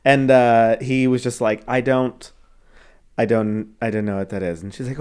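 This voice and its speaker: A man co-hosting a podcast in casual chat, feeling under the weather, animated and laughing often. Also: medium pitch, moderate pace, clean tone. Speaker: podcast co-host.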